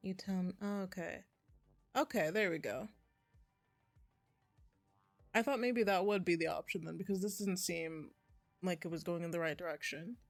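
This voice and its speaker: A woman's voice: fairly low pitch, moderate pace, pauses often, soft background music. A woman streaming a game, reading the dialogue aloud between chatty asides. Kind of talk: casual gameplay commentary.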